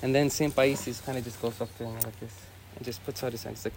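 A young man tells a story the easy way, dropping plenty of "you know" and "like" as he goes. His voice sits at an ordinary middle pitch, and a faint hiss of room ambience hangs behind it. He sounds like a monk talking to visitors indoors. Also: steady tone, rapid-fire, few pauses, a little mellow. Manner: easygoing, many fillers like "you know" and "like". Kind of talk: casual spoken storytelling.

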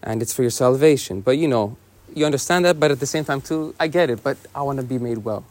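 A man's voice: mid-range voice, quick pace, a little mellow. Young man telling a story casually. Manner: easygoing, many fillers like "you know" and "like".

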